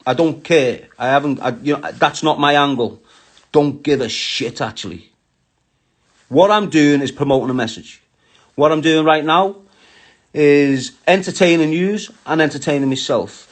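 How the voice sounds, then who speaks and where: A man's voice: fairly high pitch, moderate pace. A middle-aged man with a Scouse accent from Liverpool, ranting crudely and mockingly on a live stream. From Liverpool, England.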